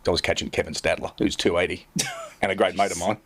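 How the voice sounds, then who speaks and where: Fast-talking low-voiced caddy spinning yarns. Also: male voice, fairly even intonation, fairly bright tone, breathy edge. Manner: rambling, self-mocking anecdotes with many fillers. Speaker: tour caddy and podcast co-host. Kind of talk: casual storytelling chat.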